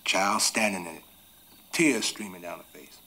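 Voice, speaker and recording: An actor playing a tender, remorseful runaway man on a raft, speaking in a rural Southern US dialect and telling his story slowly and from the heart, often sinking into hushed whispers. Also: deep voice, vocal fry, exaggerated voice. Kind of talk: 1980s TV film drama acting.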